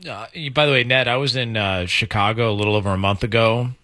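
A man's voice: medium pitch, fast, sharp tone, no echo, clean studio sound. A man co-hosting a sports radio show, talking in long rambling sentences. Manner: conversational, rambling run-on sentences.

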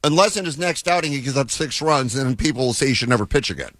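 A man's voice: medium pitch, animated, quick pace, fairly bright tone, no room sound. A man hosting a sports talk radio show, taking calls and bantering with his co-host.

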